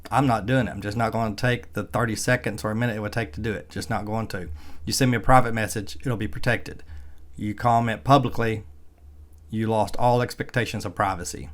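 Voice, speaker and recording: A man's voice: on the low side, fairly even intonation, a little fast. A middle-aged man with a Southern Arkansas accent, giving casual, plainspoken vlog commentary in a folksy, chuckling manner. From Arkansas, USA. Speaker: EV vlogger.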